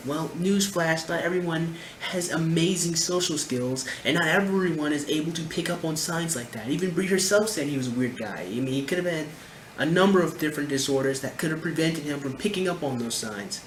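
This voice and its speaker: A man's voice: fairly high pitch, lively intonation, fairly quick. A man giving reaction commentary in an emphatic, lecturing way, repeating his points. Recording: roomy echo, faint background noise.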